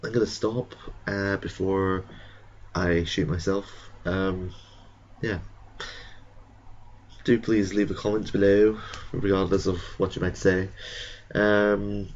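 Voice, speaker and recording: A man giving casual gameplay commentary in a vague put-on accent that drifts between German and Irish, dry and muttering with sudden high-pitched outbursts. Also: level tone, slow pace, pauses often, a little mellow, highs cut off, slight background noise. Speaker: let's play gamer.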